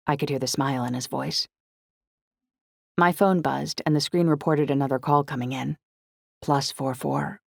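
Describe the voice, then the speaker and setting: A woman narrating a novel in the first person, with an even, steady reading. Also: extremely low pitch, normal speed, vocal fry, no room sound. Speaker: audiobook narrator. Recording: dry close studio audiobook.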